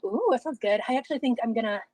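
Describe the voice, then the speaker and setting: A woman's voice: fairly high pitch, rapid-fire, a little mellow, no echo, rough recording. A woman livestreaming, out of breath and rambling casually while reading chat aloud.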